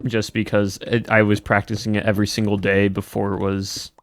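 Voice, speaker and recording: Chatty low-voiced man streaming. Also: completely flat delivery, brisk. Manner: chatty and rambling. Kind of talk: casual stream chat, answering chat.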